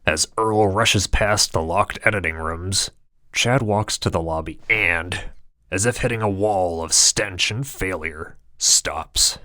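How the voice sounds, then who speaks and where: A man's voice: low voice, slow, pushed and bright, no room sound, clean studio sound. A man narrating a comedic story in a grandiose, mock-heroic, theatrical way. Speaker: audiobook narrator and author.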